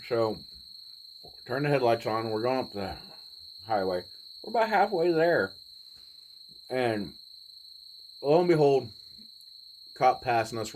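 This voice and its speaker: A man in his forties, telling a personal story in a laid-back, rambling way with pauses. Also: lowish voice, darkish tone, a little hiss or hum, poor audio. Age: 40s. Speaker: vlogger. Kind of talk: casual storytelling.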